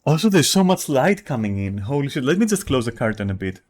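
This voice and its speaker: A man's voice: mid-range voice, very animated, quick pace. A man streaming live, reading chat messages aloud and reacting with profane, mocking commentary.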